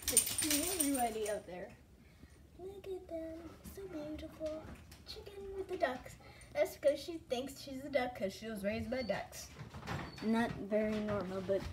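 A woman gives a casual, excitable home-tour vlog, chatting to her dogs and giggling often. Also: on the high side, slight background noise. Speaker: vlogger giving a home tour. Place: rural home, filming out the windows.

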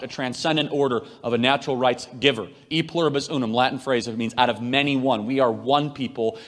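A man giving an emphatic political talk to a live audience, with a preaching cadence. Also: medium pitch. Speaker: event host answering audience.

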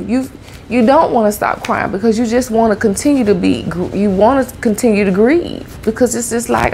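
Heartfelt woman with a gravelly edge. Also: fairly high pitch, moderate pace, darkish tone, slight background noise. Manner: heartfelt, conversational, repeats phrases. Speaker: vlogger. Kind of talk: personal talk to camera.

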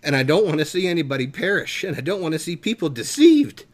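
A man's voice: fairly high pitch, expressive, fast talker. A man preaching fervently on a talk show, emphatic and emotional, his voice climbing when he gets worked up.

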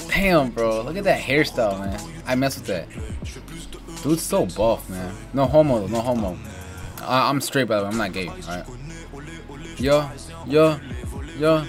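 Animated but with long pauses, this young man from the United States reacts to a video at a moderate pace in a mid-range voice. He comments casually, exclaiming a lot and using slang like "bro" and "you know what I'm saying." The video's music is faintly audible.

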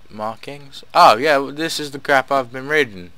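A man's voice: medium pitch, moderate pace, pushed and bright, dry recording. A young man casually commentating a story game, sarcastic and swearing freely, talking back at the characters on screen. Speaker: gamer playing through a story game. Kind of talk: casual let's-play commentary.

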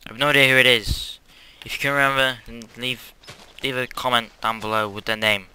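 A man's voice: medium pitch, steady tone, brisk, bright, forceful tone, a little hiss or hum, low-quality recording. A young man rambling through a Let's Play at home, hyperactive and self-mocking, with sudden squeals and whispered asides. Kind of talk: casual gameplay commentary. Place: quiet house at home.

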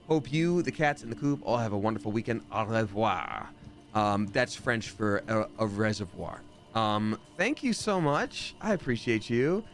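Animated, jokey male game streamer. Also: medium pitch. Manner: chatty, jokey, reads donations aloud; animated, jumps between mumbling and excited. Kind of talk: casual live-stream commentary.

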